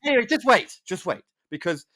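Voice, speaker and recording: A man's voice: high voice, sing-song, fairly quick, a loud crowd. Rambling man hosting a podcast. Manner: rambling, hesitant, many restarts. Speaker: podcast host. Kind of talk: casual chat.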